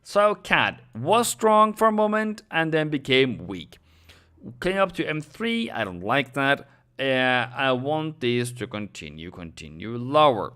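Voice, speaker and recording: A young man hosting a live forex analysis stream, speaking slowly and deliberately at a middle pitch. His voice is smooth and clear, with non-native English phrasing, frequent fillers and self-corrections as he addresses viewers directly. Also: very animated, bright, forceful tone. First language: Norwegian. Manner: talks directly to viewers, thanks subscribers. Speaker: forex trading host.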